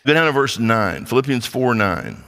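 A man's voice: medium pitch, animated, moderate pace, a bit bright, long reverb tail. A male pastor preaching a conversational sermon, reading scripture and acting out little dialogues.

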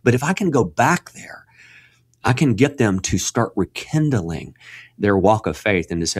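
Earnest, preacherly man, low voice. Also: normal speed, slightly rough, dry recording, clean studio sound. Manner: earnest, preacherly, rises to emphatic peaks when excited; restarts and repeats words often. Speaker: guest speaker on Christian faith. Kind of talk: conversational radio interview.

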